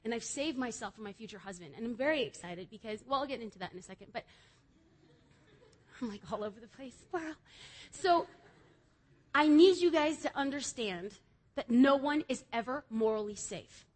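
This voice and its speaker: A woman giving an energetic youth sermon in a church service, emphatic and swinging between loud exhortation and quiet confession. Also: on the high side, moderate pace. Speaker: youth speaker.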